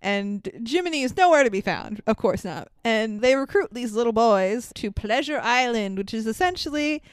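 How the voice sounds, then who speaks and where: A woman's voice: fairly high pitch, animated, moderate pace, clean tone, dry recording. A young woman co-hosting a casual podcast, recapping a movie with frequent laughter and acted-out character lines. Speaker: podcast co-host.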